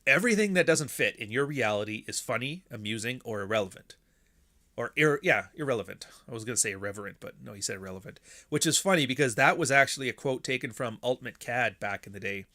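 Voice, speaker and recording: A man hosting a casual commentary monologue, talking bluntly with frequent swearing and animated asides. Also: mid-range voice, quick pace, few pauses. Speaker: podcast host.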